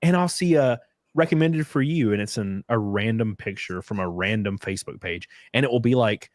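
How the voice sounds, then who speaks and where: A man's voice: moderate pace, no echo, clean studio sound. A young man hosting a casual political livestream, loose and profane, mocking the things he reads out. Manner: loose, profane, mocking, acts out quotes with big pitch jumps. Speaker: livestream host.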